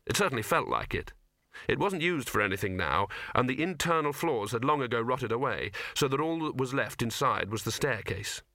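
Man narrating with a bright, dry voice. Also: medium pitch, no room sound. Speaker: audiobook narrator. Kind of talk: scripted narration.

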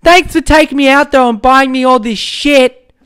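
A man putting on a mocking falsetto as a dismissive young woman, sneering his way through her excuses in a podcast bit. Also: moderate pace, fairly bright tone, clean tone. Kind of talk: podcast mockery.

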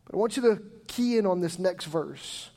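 Male pastor, high voice, animated sermon storyteller who acts out quoted voices. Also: moderate pace. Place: church sanctuary.

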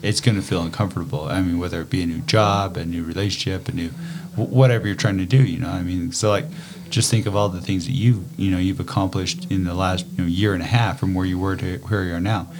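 A middle-aged man with a fairly low voice talks in a loose podcast conversation. He tells stories and slips into acted-out quotes, leaning on plenty of fillers along the way. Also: fast talker. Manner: animated storyteller, acts out quotes, many fillers. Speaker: podcast co-host, father. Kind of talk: casual conversation.

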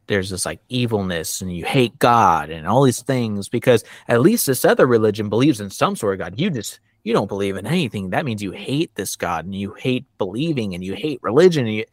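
A man hosting a podcast, chatting casually, animated and laughing as he acts out what others said. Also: fairly low pitch, no room sound, clean studio sound. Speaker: podcast host. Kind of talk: casual conversation.

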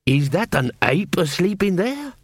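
A man voicing a roguish male dwarf adventurer who talks in a slow, dry, matter-of-fact way in an audiobook. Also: high voice, big pitch swings, husky, no room sound, pitched above the performer's own voice, full character voice. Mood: deadpan.

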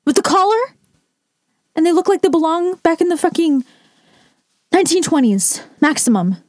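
A woman's voice: very high-pitched, big pitch swings, normal speed, a little mellow, dry recording, clean studio sound. A woman rating and reacting to stories in casual commentary, blunt and sarcastic with frequent swearing. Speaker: storytime reactor.

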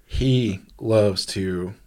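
A man's voice: lowish voice, extremely slow, darkish tone. A man co-hosting a podcast in casual chat, rambling and restarting his sentences, laughing at his own jokes. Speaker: podcast co-host.

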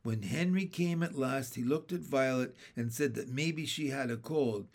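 A man narrating a children's chapter book in a steady, plain read-aloud manner. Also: mid-range voice, moderate pace, gravelly. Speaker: audiobook reader.

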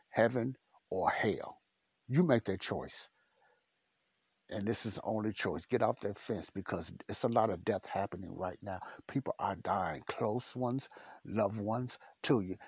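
A man's voice: fairly low pitch, darkish tone, husky, no echo. A man preaching a podcast sermon, blunt and repetitive, speaking straight to the listener. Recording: dull, dry lo-fi recording.

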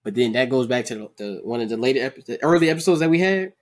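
A young man casually chatting on a podcast, animated and profane, acting out characters between laughs. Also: mid-range voice, very fast. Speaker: podcast host.

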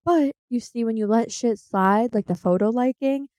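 A woman's voice: a little high, normal speed, dark tone, no room sound. A young woman co-hosting a podcast, telling a story bluntly with lots of swearing and fillers. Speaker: podcast co-host. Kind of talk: casual podcast chat.

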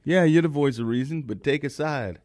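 A man co-hosting a comedic radio talk show, answering in blunt, deadpan comebacks. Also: a little high, a little fast, dry recording, clean studio sound. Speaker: radio co-host.

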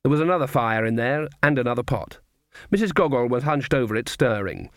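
A man reads an audiobook aloud in measured, even storytelling. His voice sits in a middle pitch. The recording is dry, with no room sound. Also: no echo. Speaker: audiobook narrator. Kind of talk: scripted narration.

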